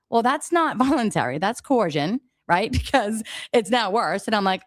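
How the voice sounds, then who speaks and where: A woman's voice: mid-range voice, animated, moderate pace, hardly any pauses, dry recording, studio quality. Exasperated woman telling her story. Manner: emphatic, exasperated storytelling, acts out quoted exchanges. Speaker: daycare owner, guest.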